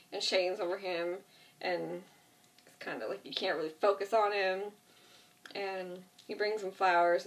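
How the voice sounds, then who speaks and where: A woman casually retelling a TV episode in a rambling way, full of fillers and asides. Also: fairly low pitch. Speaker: vlogger. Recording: voice distant from the mic.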